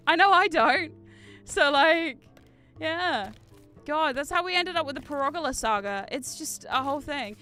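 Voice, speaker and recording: A young woman from the UK with a British accent softened by New Zealand, chatting casually while streaming a game, rambling on tangents and swearing freely. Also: high voice, animated, unhurried, soft background music. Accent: British mixed with New Zealand. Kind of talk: casual gaming stream chat.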